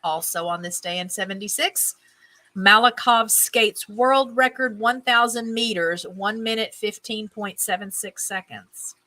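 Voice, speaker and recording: A woman's voice: mid-range voice, measured pace, bright, forceful tone, poor audio. A woman hosting a casual stream, reading items aloud, tripping over names, and adding chatty musing asides. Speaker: host.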